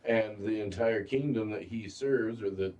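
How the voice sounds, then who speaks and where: A man co-hosting a casual show, chatting loosely and sometimes acting out quotes loudly. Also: fairly low pitch, moderate pace, distant mic, highs cut off. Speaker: podcast co-host. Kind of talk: casual chat.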